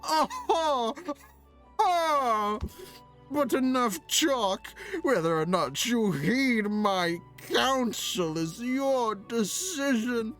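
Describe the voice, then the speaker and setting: A streamer voicing a pompous, condescending male archery guildmaster from a video game, reading his lines in a haughty, drawn-out way. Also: medium pitch, animated, a bit bright, soft background music, voice pushed up. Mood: scornful. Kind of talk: reading game dialogue aloud.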